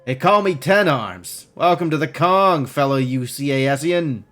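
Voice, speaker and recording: A man's voice: medium pitch, expressive, normal speed, a bit bright, natural voice. A man voicing a boisterous, hungover middle-aged male cyber doctor who is cheerful and wisecracking.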